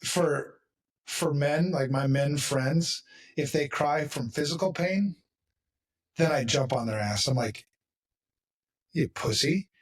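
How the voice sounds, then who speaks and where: A man's voice: on the high side, takes it slowly, breathy edge, distant mic. A man hosting a podcast in casual chat, talking bluntly and with emphasis, swearing freely. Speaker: podcast host.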